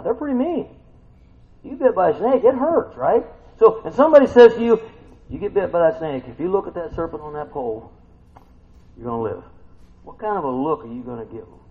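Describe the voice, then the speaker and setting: A man preaching an informal sermon, reading scripture aloud and talking it through with his listeners, asking them questions and acting out what people say. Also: a little high. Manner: conversational, asks the listeners questions, acts out quotes. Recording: tinny phone-like sound.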